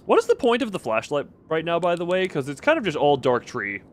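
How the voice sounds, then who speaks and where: A man's voice: fairly high pitch, wildly swooping pitch, a little fast, slight background noise. A man streaming a horror game, giving rambling, jokey, self-mocking commentary as he plays. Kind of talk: casual gameplay commentary.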